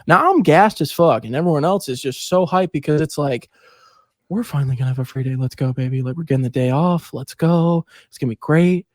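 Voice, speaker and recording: Animated, swearing young man host. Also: brisk, dry recording. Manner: animated, swearing, acts out quotes with big pitch jumps. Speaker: podcast host. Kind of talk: casual storytelling chat.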